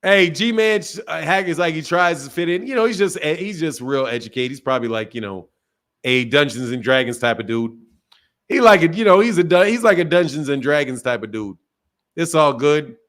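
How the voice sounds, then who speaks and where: Stream host, male, high-pitched, crude and teasing, casual talk. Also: lively intonation, normal speed, a bit bright. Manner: loose, profane, teasing banter. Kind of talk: casual chat with callers.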